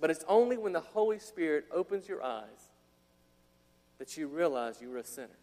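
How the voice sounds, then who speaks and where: A man's voice: a little high, big pitch swings, moderate pace, warm tone. A man preaching a sermon, acting out the people in his story and dropping casual slang asides. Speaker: pastor. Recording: long hall reverb.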